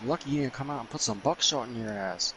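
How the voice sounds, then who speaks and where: A man's voice: mid-range voice, quick pace, natural voice. A man putting on the voice of a jumpy, crude farmhand as he retells a movie scene. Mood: rowdy. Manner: loud, crude slang. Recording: stadium crowd noise from the game.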